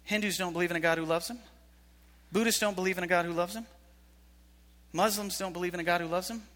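A man preaching a sermon to young people, telling stories in an animated way that swings from hushed to shouting. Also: sits high, quick pace. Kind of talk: sermon to youth. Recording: live hall reverb.

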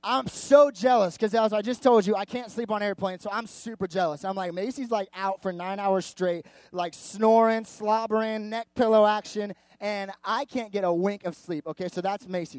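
A male pastor with a notably high voice tells a story in his sermon, animated, candid and chatty. The sound is close and dry, with no room around it. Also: normal speed, hardly any pauses, dry recording. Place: church service before a live audience.

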